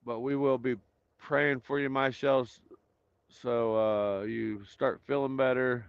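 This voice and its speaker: A man's voice: medium pitch, steady tone, slow, clean tone, no echo, highs cut off. Man greeting live stream viewers. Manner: greets viewers by name, rambling with fillers. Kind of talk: casual chat reading viewer comments.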